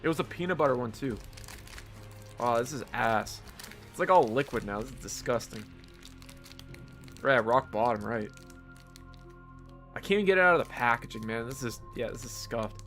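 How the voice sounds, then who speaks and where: A man's voice: medium pitch, expressive, moderate pace, long pauses, fairly bright tone, faint music behind. A man live-streaming games, chatting casually with viewers and laughing often. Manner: laid-back, laughs often, chats with viewers.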